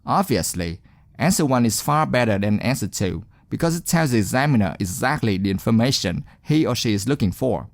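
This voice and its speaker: A man teaching exam speaking skills in scripted narration, encouraging and deliberate, stressing key words. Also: medium pitch, animated, gravelly, dry recording, studio quality.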